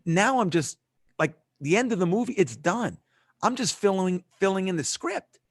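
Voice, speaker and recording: A middle-aged man, a podcast guest, telling stories in an emphatic, punchy way with quick restarts. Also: high voice, sing-song, no room sound, clean studio sound. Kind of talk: animated storytelling in conversation. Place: remote call.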